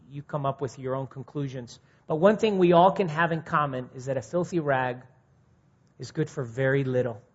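A husky-voiced man preaches to a gathering of men in a plain, conversational way, earnest and direct. He often lifts his voice for emphasis and then sinks low and quiet. The recording sounds dull and muffled. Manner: earnest, rising to indignant mimicry, then dropping quiet. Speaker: speaker at a men's ministry meeting. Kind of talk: informal sermon.

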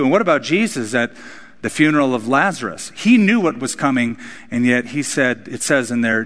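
A man's voice: mid-range voice, lively intonation, moderate pace, a bit bright. A man preaching a sermon, his voice rising and dropping for emphasis. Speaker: pastor. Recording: hall reverb.

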